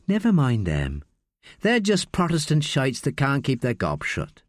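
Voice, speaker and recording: A charming young woman, calm but fierce, voiced close and dry by a male narrator. She speaks evenly and firmly. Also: fairly low pitch, normal speed, no echo. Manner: calm, firm.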